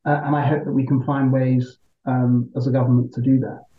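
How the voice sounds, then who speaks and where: Male mp arguing his points on a podcast, middle pitch, echoey dull sound. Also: flat delivery. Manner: measured, argumentative, frequent "right?" and "look". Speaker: member of parliament, guest. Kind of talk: political interview answers.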